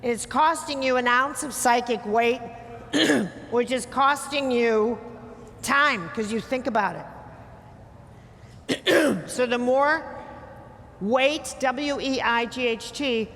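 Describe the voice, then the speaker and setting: A woman's voice: fairly high pitch, slow pace, pauses often, fairly bright tone. A woman giving a blunt, emphatic talk to a live audience, teasing her listeners as she lectures. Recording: hall reverb with faint ambience.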